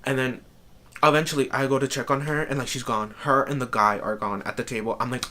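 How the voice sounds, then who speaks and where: A man's voice: medium pitch, fairly even intonation, fairly quick, pushed and bright. A man telling a rambling storytime vlog, exasperated and full of "like" fillers. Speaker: vlogger. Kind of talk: casual storytime rant.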